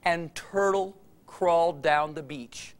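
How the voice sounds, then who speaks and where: A man telling a story for all ages in an animated way, chuckling along with the tale. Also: fairly high pitch, slow pace.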